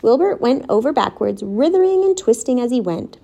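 A woman narrating a children's storybook aloud in an expressive, measured way. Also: a little high, creaky. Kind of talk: storybook reading.

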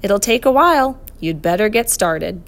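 A stern, kindly old professor, as a woman reading a storybook puts him on, speaking in a measured, reasoning way. His voice sits in a middling register. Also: mid-range voice, expressive, natural voice. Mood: patient, firm. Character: kindly but stern older male professor.

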